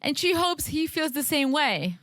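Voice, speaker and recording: High-voiced woman giving frank opinions. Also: sing-song, unhurried, fairly bright tone, no room sound, clean studio sound. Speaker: podcast co-host. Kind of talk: casual reality-TV recap chat.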